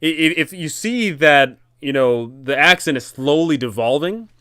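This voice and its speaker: A man hosting a casual tabletop-game advice talk, animated and rambling, correcting himself often. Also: on the high side, normal speed, clean tone, no echo, clean studio sound. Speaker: dungeon master and channel host.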